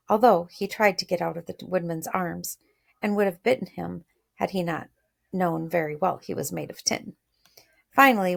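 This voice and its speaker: A woman's voice: fairly low pitch, creaky. A woman teacher reading a storybook aloud, chatty, stopping to explain words and share thoughts. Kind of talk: read-aloud lesson with commentary.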